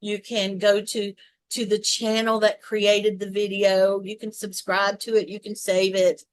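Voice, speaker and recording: A woman with a Southern US accent co-hosts a casual chat in a mid-range, unhurried voice with little pitch movement. Her long explanations ramble, full of restarts and asides.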